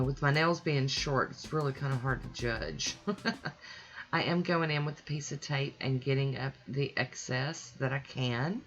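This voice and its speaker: Low-voiced woman hosting nail polish videos. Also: a bit bright, highs cut off. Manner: chatty, easygoing, gushing over polish. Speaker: nail polish channel host. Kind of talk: casual voice-over tutorial.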